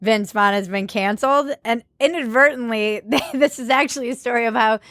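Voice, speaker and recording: A woman's voice: a little high, a little fast, fairly bright tone, dry recording. A woman hosting a comedy podcast, talking casually with sarcasm and frequent laughter. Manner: sarcastic, laughs often, slips into mocking voices. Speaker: podcast host.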